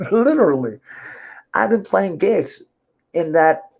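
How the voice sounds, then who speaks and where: A man's voice: high voice, big pitch swings, takes it slowly, vocal fry, darkish tone, slightly rough, lo-fi sound. A Danish man speaking English with a Danish accent, chatting loosely and swearing on an unplanned livestream about his music life. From Denmark. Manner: rambling, swears freely, laughs often, many restarts. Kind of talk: unscheduled casual livestream chat.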